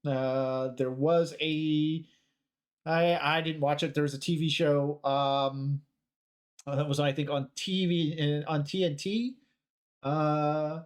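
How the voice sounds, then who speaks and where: Rambling podcast host man. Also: fairly high pitch. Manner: rambling, halting, with many fillers. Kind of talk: casual rewatch commentary.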